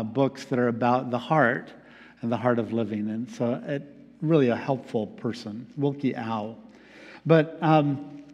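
Male pastor, reflective sermon, halting with fillers, mid-pitched voice, long hall reverb. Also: darkish tone, lo-fi sound. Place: church sanctuary.

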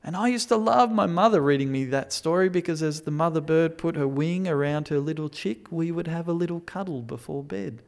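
A man preaching a sermon, moving between quiet reflection and loud, emphatic pleading. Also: on the high side, brisk, creaky, few pauses.

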